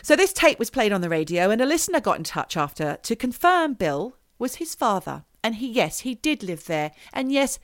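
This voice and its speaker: A woman, co-hosting a podcast and telling a story in a casual, animated way. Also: fairly high pitch, moderate pace, few pauses, no echo, studio quality. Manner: animated storyteller, mimics voices. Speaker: podcast co-host.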